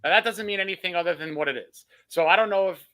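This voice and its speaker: A man's voice: high voice, quick pace, fairly bright tone, low-quality recording. A man co-hosting a sports podcast, laying out his opinions in an analytical, hedging way. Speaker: podcast co-host. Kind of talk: casual sports podcast chat.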